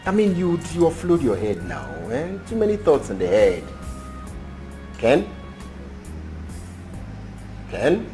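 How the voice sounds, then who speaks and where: A man's voice: a little high, big pitch swings, dark tone, soft background music, poor audio. A man, playing a friend who coaxes and reassures a heartbroken man in a film drama, repeating himself. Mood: coaxing. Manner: coaxing, repeats himself, drawn-out "eh?". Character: supportive male friend, coaxing, upbeat. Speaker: consoling friend.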